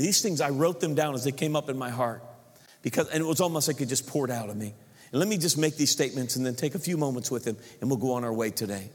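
A man preaching a sermon as pastor, telling stories animatedly and acting out the people he quotes. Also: mid-range voice. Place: church sanctuary. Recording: long reverb of a church hall.

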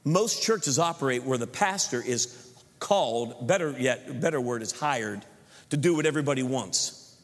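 In a church sanctuary with long, echoing reverb, a man preaching as pastor brings his stories to life by performing the voices of those he quotes. His medium-pitched voice has lively intonation at a moderate pace.

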